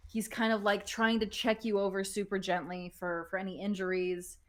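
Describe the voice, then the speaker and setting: A woman narrates as game master of a tabletop game. She talks loosely, restarting her sentences and breaking into laughter as she goes. Her voice sits at an ordinary middle pitch. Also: flat delivery, moderate pace.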